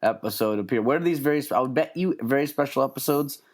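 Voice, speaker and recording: Wry man trading quips on a podcast. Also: medium pitch. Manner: wry, quick joking asides. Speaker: podcast co-host. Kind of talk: casual comedic chat.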